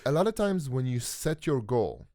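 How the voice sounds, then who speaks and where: A man's voice: medium pitch, sing-song, normal speed, warm tone, dry recording, clean studio sound. A young man hosting a podcast interview, enthusiastically restating his guest's points in casual chat. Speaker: podcast host.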